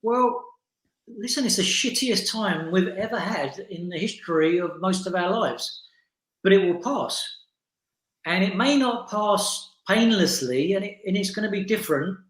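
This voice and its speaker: Brief: frank, rallying male guest, high voice, echoey room on a call. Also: unhurried, fairly bright tone. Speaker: salon owner and educator, interview guest. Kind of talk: motivational interview talk. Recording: roomy echo.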